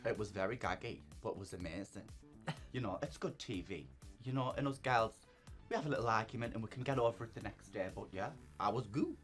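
A man's voice: on the low side, quick pace, faint music behind. A man who performs in drag, chatting casually as an interview guest, bubbly and often laughing. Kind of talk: casual chat.

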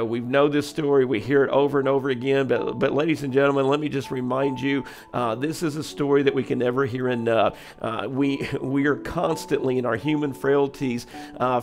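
A man's voice: mid-range voice, creaky. A man teaching as a church pastor in a devotional, earnest and conversational, with many fillers and restarts.

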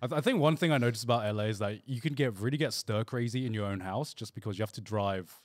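A man's voice: lowish voice, quick pace, dry recording, studio quality. A man co-hosting a podcast who teases and asks questions in casual chat. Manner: teasing, lively questioner. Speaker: podcast co-host.

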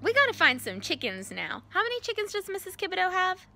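High, bubbly teacher. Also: female voice, quick pace. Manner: animated, exaggerated gasps and cheering. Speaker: kindergarten teacher. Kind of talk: sing-song lesson for young children. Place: outdoors on a farm.

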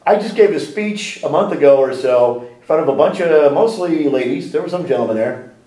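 A man in a sit-down interview, talking with lots of energy, restarting his sentences and tossing out rhetorical questions. His voice sits a little high. It echoes around a library room because the mic is some distance away. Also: a little fast. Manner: animated and talkative, with frequent restarts and rhetorical questions. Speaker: interview guest.

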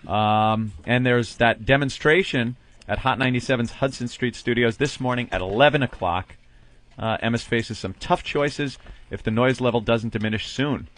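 A man's voice: mid-range voice, moderate pace, fairly bright tone, no echo. A man co-hosting a radio show, reading news items aloud in a matter-of-fact way with wry asides. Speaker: radio co-host.

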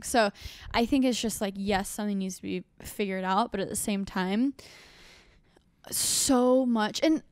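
A young adult woman hosting a podcast, talking in an animated, rambling way full of fillers and restarts. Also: medium pitch, measured pace, no room sound. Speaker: podcast host. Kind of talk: casual chat.

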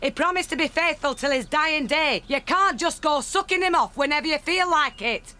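A woman's voice: sits high, normal speed, pushed and bright. A woman voicing a blunt, scheming Englishwoman who swears freely. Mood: lecturing.

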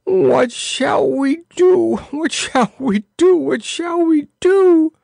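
A man's voice: very high voice, slow pace, gravelly, darkish tone, dry recording, studio quality, voice pushed up, full character voice. A man voicing a distraught woman in a storybook, moaning and wailing helplessly.

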